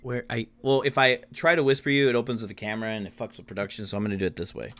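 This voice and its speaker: A man's voice: medium pitch, steady tone, racing, fairly bright tone, a little hiss or hum. A man acting as game master in a tabletop role-playing game, talking casually over a video call with fillers and hesitations.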